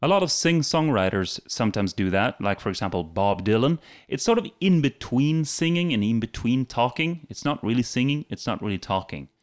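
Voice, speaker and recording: Lively man teaching a singing lesson. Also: mid-range voice, fairly quick, few pauses. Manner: sings short example phrases between explanations. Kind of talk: casual video vocal lesson.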